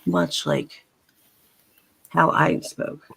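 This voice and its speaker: A woman's voice: deep voice, very animated, extremely slow, creaky, a bit bright, slightly rough, low-quality recording. A woman with a faint Philadelphia accent, chatting as a panelist in a rambling, chatty way with many restarts. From Philadelphia area. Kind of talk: casual chat.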